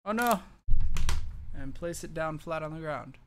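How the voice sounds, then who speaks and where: Man, gaming commentary, jokey, meme-heavy, slightly high voice. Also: animated, unhurried, a bit bright. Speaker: let's-play gamer. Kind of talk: casual gameplay commentary.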